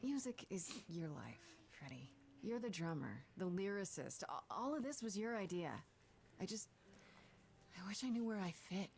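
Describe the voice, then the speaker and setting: A woman's voice: medium pitch, sing-song, normal speed, gravelly, a little mellow, a little hiss or hum. An actress in her twenties voicing a restless young woman in a story game, with dry, wry humor. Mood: wistful. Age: 20s. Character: young woman bandmate, restless and unsure of herself. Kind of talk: game voice acting.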